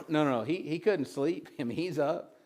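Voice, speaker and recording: A man's voice: fairly high pitch, moderate pace. Give me a man preaching casually, reading scripture and chatting through the story. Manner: conversational preaching, with many restarts and asides; retells scripture with acted voices. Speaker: pastor.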